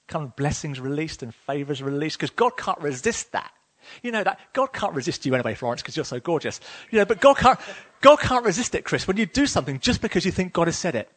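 Enthusiastic pastor, fairly high voice. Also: male voice, fairly bright tone. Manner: enthusiastic, emotional, conversational with many fillers. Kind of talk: sermon.

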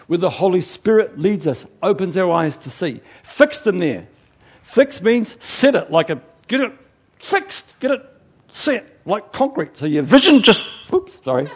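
A man preaching a sermon in an animated way, swinging from loud outbursts to quiet asides, chatty and joking at his own expense. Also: sits high, husky. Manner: chatty, self-mocking and joking.

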